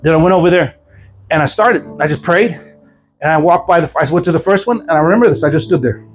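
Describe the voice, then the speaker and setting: Evangelist, male, high-pitched, lively storyteller, faint music under the sermon. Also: low-quality recording. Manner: storytelling with laughs and quick acted asides. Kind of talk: preaching a testimony sermon.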